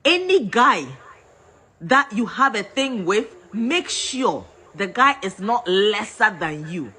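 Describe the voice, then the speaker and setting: A woman's voice: mid-range voice, big pitch swings, slow pace, pushed and bright, slightly rough. A Ghanaian woman in a heated rant, scolding and repeating herself as she switches between English and Twi. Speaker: vlogger.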